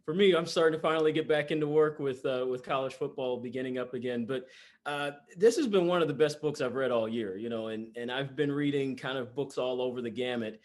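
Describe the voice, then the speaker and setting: Male interviewer, relaxed and chatty, mid pitch, lots of "you know" fillers. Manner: conversational, fills pauses with "uh" and "you know".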